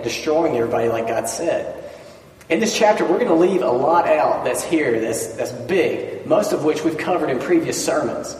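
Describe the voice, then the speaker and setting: A man's voice: medium pitch, a little mellow, a little hiss or hum. A man preaching a sermon, reading scripture aloud and breaking off for conversational asides. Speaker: pastor. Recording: echoey hall, mic at a distance.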